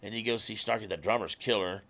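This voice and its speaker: A man, a musician guest telling stories in casual talk, animated and swearing freely. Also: on the low side, fast talker. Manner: animated, swears freely, acts out quoted people. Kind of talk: casual conversational storytelling.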